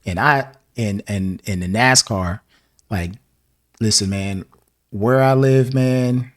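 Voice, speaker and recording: A man's voice: on the low side, takes it slowly. A man from the American South hosting a music reaction video, chatting casually and rambling with lots of fillers and laughs. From Southern United States.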